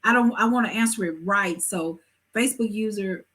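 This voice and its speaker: Husky woman hosting a lively talk show. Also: mid-range voice, moderate pace. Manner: lively, preachy advice with emphatic asides. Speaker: host. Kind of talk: live-stream talk show chat.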